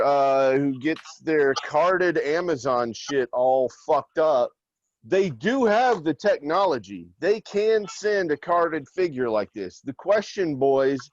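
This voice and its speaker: A man's voice: mid-range voice, no room sound. A man in casual podcast chat, telling stories in a dry, wry way. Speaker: podcast co-host. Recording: dull lo-fi audio.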